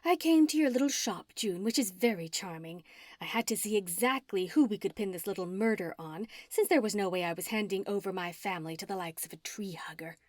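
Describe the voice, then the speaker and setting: A woman's voice: medium pitch, expressive, fairly quick, a little mellow, no echo, studio quality, natural voice. A woman narrator voicing a scheming, gloating female witch villain in an audiobook, her lines sneering and at times hissed.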